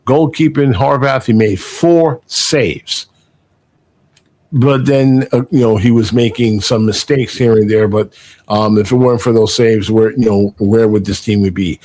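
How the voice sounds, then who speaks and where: A man's voice: mid-range voice, a little mellow. Male podcast host, mid-range voice, casual, rambling, filler-heavy stat reading. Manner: rambling, full of fillers and restarts while reading stats. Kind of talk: casual sports podcast chat.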